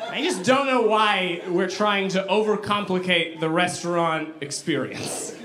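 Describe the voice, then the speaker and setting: Stand-up comic, male, high and animated, echoey club with laughter behind. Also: unhurried, crowd noise. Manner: animated, acts out voices in his stories. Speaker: stand-up comedian. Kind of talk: stand-up comedy set. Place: comedy club with a live audience. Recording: echoey room, live audience laughter.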